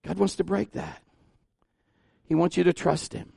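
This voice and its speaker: A pastor delivers a sermon in a fairly high male voice, talking informally with asides and restarts. He often climbs in pitch and volume as he gets animated. The recording is dry, with no room echo. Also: unhurried, gravelly, slightly rough.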